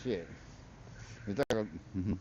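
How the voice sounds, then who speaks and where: A man's voice: on the low side, takes it slowly, a little mellow, a little hiss or hum. A man chatting casually and profanely on a live stream while out in a yard with his dog, on a wireless mic. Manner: laid-back, profane, chuckling, talking to his dog. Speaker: live-streaming delivery rider. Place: outdoors in a yard. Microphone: wireless mic relaying to a laptop. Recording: dull lo-fi stream audio.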